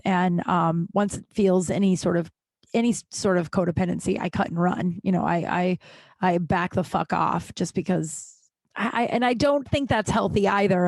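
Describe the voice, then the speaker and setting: A woman's voice: mid-range voice, vocal fry, darkish tone, no room sound, clean studio sound. A woman hosting her own podcast, talking frankly and ramblingly with many restarts and casual swearing. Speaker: podcast host. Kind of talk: candid solo podcast monologue.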